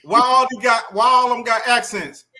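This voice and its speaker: Laid-back high-voiced Atlanta man. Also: steady tone, moderate pace, bright, forceful tone. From Atlanta, Georgia. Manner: laid-back, joking, storytelling. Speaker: live stream host. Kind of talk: casual banter.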